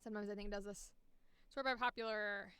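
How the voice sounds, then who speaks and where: A woman's voice: medium pitch, fairly even intonation, fast, sharp tone, smooth, no echo. A woman voice actor chatting casually through her audition session, critiquing her own takes. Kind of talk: live-streamed audition session.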